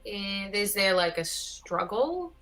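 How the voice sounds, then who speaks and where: A woman's voice: mid-range voice, sing-song, slow, a bit bright. A woman playing a tabletop game, speaking with dry, wry asides. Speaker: player. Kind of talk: tabletop role-play.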